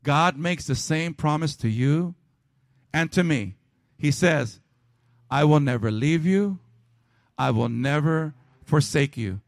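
A man's voice: animated, slow pace, creaky, pauses often, no room sound. Man preaching a sermon, dry sound. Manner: preaching with swings from loud emphatic peaks to quiet, low prayer; calls out to the congregation. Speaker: pastor.

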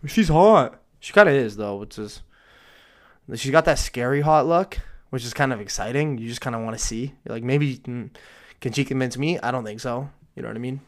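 A man in his twenties giving casual solo commentary on news stories, profane and ranting, swinging between low muttering and sudden outbursts. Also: fairly quick. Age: 20s.

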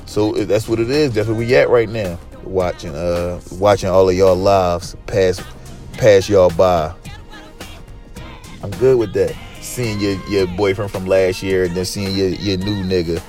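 A man's voice: sits low, fairly even intonation, unhurried, a little mellow. Give me a man hosting a solo podcast, profane and rambling, with faint music underneath. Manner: profane, rambling, hyped street talk addressed to listeners. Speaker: podcast host. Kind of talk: casual solo podcast monologue.

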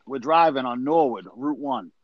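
A man's voice: mid-range voice, moderate pace, no room sound, dull audio. A man telling wild stories in a casual, profane chat among brothers. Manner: profane, animated storyteller. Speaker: podcast co-host.

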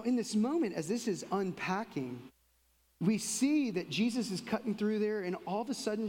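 A middle-aged man preaching a sermon in a lively, conversational way, full of asides and little laughs. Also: high voice. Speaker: pastor. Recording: long reverb of a large hall.

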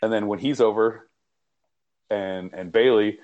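A man's voice: lowish voice, a little slow, darkish tone, dull audio. A man co-hosting a podcast, telling rambling, profanity-laced stories in casual chat. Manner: rambling, profane anecdotal storytelling. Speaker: podcast co-host.

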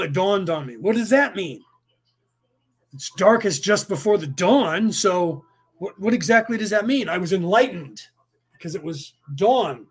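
A man's voice: high voice, husky. A man delivering a rambling, profane monologue, full of rhetorical questions and sudden bursts of speed.

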